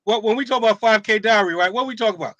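A man on an imams' panel, talking in an animated, joking way with lots of rhetorical asides. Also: sits high, rapid-fire, no room sound, dull audio. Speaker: imam on a roundtable. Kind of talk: casual panel discussion.

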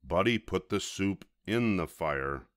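Deep-voiced older man reading a storybook. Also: slow pace, no room sound, clean studio sound. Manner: gentle, expressive storytelling.

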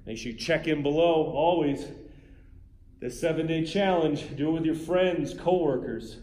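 A man leading a guided yoga class as instructor, giving calm cues with playful, joking asides. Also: on the high side, moderate pace. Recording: echoey room with faint ambience.

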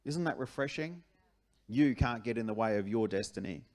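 In church, an Australian-accented pastor gives a sermon at a normal speed in a mid-range male voice. His delivery is lively and conversational, circling back to the same key phrases again and again.

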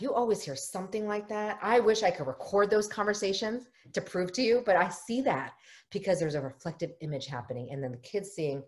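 A woman's voice: medium pitch, expressive, brisk. A middle-aged woman, a family therapist, leading a workshop for parents and often acting out what parents and children say in quoted lines. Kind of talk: live online workshop talk.

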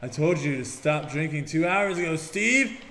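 A man's voice: fairly high pitch, expressive, normal speed, a bit bright, long reverb tail. A man voicing a panicked male aide who scolds a drunk coworker in a video game. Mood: frantic.

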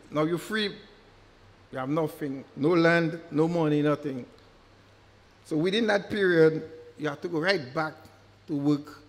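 Emphatic man lecturing in a hall. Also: a little high. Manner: emphatic, repeats words for stress. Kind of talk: public lecture. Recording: long hall reverb.

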